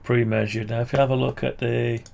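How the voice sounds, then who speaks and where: A British man with a medium-pitched, gravelly and slightly mellow voice talks briskly and flatly. He's casually screen-sharing his amateur radio antenna project, thinking out loud and correcting himself along the way.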